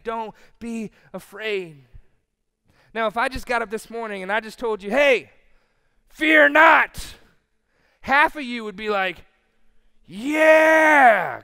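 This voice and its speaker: A man's voice: sits high, clean tone. Man preaching with dramatic swings in volume. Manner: dramatic swings from loud to hushed; acts out listeners' reactions. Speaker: pastor. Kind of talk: sermon.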